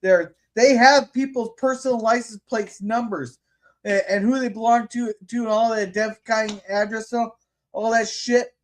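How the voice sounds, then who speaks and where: A man's voice: very high-pitched, fairly even intonation, moderate pace, slight background noise. A man hosting a podcast in heated casual political chat, indignant, swearing, and stumbling over restarts. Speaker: podcast host.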